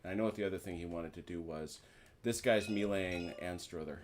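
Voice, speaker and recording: A man's voice: low-pitched, fairly quick, slight background noise. A man hosting a board wargame session in casual chat, thinking aloud and correcting himself as he goes. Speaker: game host running the board game session.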